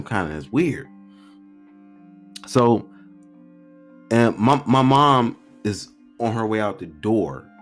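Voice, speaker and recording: Rambling, slangy man telling stories. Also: lowish voice. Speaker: podcast host. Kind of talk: casual storytelling podcast.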